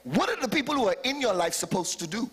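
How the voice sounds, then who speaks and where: Male bishop, high bright tenor, fervent sermon delivery in a long-reverb church hall. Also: sing-song, quick pace, husky. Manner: fervent preaching, calls to the congregation, sudden shouted peaks. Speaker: bishop preaching. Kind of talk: live sermon.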